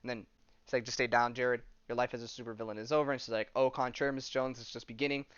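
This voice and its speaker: A man's voice: mid-range voice, little pitch movement, fast, a bit bright, clear, resonant tone, no echo, dull audio. A male podcast host casually retelling a comic story, reading the dialogue aloud with lots of fillers and swearing.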